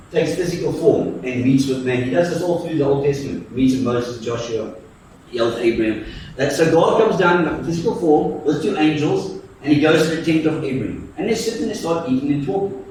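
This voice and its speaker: A man's voice: a little high, slight background noise. A man preaching a sermon and telling the story playfully, acting out its voices with jokes. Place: church hall. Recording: echoey church from far off.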